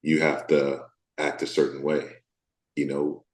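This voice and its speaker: A man from the Deep South of the US, an actor speaking candidly as an interview guest, thoughtful and halting with many fillers. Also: monotone, echoey room, a crowd in the background.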